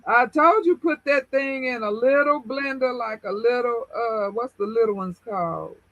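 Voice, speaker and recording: A man's voice: very high voice, moderate pace, a bit bright, no room sound, dull audio. A man in casual chat, asking lots of curious questions. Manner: curious, asks many questions.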